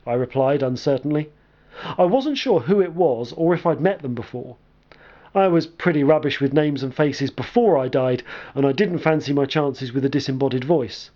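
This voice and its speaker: A man narrating a scripted comic story in a wry, deadpan manner. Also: medium pitch, moderate pace, lo-fi sound. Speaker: storyteller and game reviewer.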